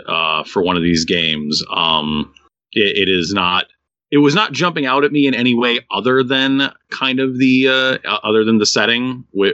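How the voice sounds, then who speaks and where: A man's voice: sits low, pushed and bright, no room sound, highs cut off. A man co-hosting a podcast, reviewing a game in casual chat, rambling with many restarts and fillers, fighting hiccups. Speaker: podcast co-host reviewing games.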